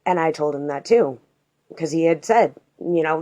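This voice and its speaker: A woman's voice: low voice, moderate pace, mellow. A woman telling a personal story in a casual, sarcastic and emphatic manner.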